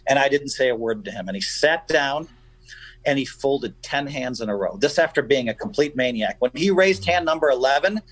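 A man guesting on a radio show, telling stories in an animated, emphatic way. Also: medium pitch, brisk, dry recording, poor audio. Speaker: guest poker player. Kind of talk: casual radio chat, storytelling.

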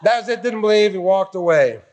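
A man preaching a revival sermon with a high, lifted voice. He talks in a folksy, animated way and slips into acted-out quotes to drive his points home. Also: brisk. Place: tent meeting.

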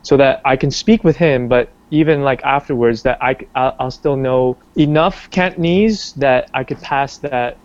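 A man's voice: medium pitch, moderate pace, hardly any pauses, dry recording. Rambling young man, slightly muffled. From Canada. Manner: rambling, many restarts and fillers, animated when quoting. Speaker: interviewee. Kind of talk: casual interview conversation.

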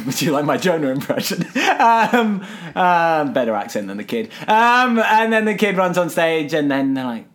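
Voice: medium pitch, big pitch swings, normal speed, few pauses, slight background noise. A podcast co-host, casually recapping a musical, swearing and laughing as they retell scenes. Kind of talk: casual chat reviewing a musical.

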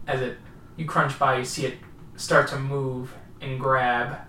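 A man narrating a tabletop horror game as storyteller, setting scenes slowly and with atmosphere. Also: medium pitch, little pitch movement, pushed and bright, slight background noise. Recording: roomy, distant mic.

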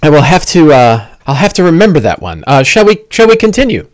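A man's voice: on the high side, sing-song, a little fast. Guy doing a jumpy polite sidekick, stammery and fussy, voice bouncing all over. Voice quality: nervous, stammering, genteel. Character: timid, fussy, polite adult male companion.

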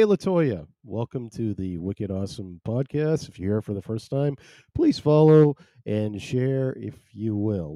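A man's voice: on the low side, warm tone, no room sound, studio quality. A man hosting a casual live podcast from home, rambling and self-deprecating as he chats. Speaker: podcast host. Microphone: headphones and desk mic.

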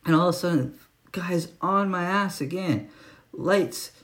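A man's voice: sits high, unhurried, a bit bright. A young man telling a story in casual chat, swearing often and laughing as he rambles.

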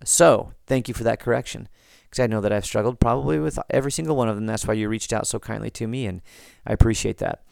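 Gravelly-voiced American man hosting a podcast. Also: on the low side, fast, few pauses, dry recording, studio quality. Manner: relaxed, rambling, frequent restarts and thanks. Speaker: podcast host. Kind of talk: casual podcast talk reading listener comments.

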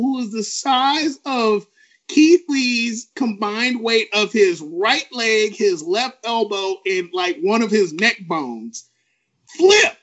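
A man co-hosting a podcast, ranting with animated, profane emphasis. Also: very high-pitched, highs cut off. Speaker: podcast co-host. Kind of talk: ranting wrestling podcast talk.

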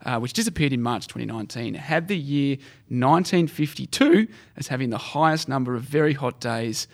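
Aussie podcast co-host, quick and emphatic, dry asides, mid-pitched voice. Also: male voice, expressive, vocal fry. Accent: Australian. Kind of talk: casual chat.

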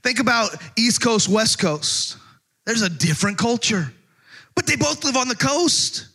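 A man's voice: extremely high pitch, animated, measured pace, bright, forceful tone. A man from Texas, preaching a sermon in a joking, conversational way full of rhetorical questions. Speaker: pastor.

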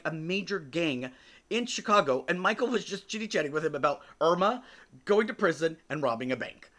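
A man's voice: fairly high pitch, a bit bright. A man in his forties who hosts a podcast, telling personal stories in a casual, joking way and swearing freely. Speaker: podcast host.

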